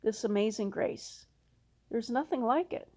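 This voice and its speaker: A woman's voice: fairly high pitch, darkish tone. A woman pastor preaching a sermon, retelling a parable in a folksy storytelling way. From Minnesota. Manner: slow, storytelling, acts out characters with folksy asides.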